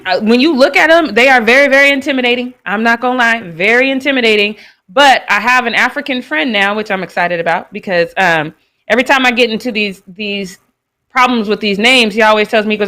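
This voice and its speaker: An American woman hosts a live sports talk show, casually commenting on sports news and laughing as she reacts to clips. Her pitch is fairly high, and her voice sounds pushed and bright.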